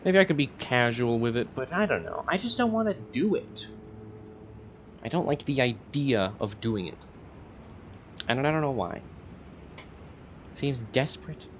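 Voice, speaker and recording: A man's voice: mid-range voice, expressive, a little slow, long pauses, slight background noise. A young man rambling casually in a vlog, hesitant and full of fillers and self-corrections. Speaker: YouTuber.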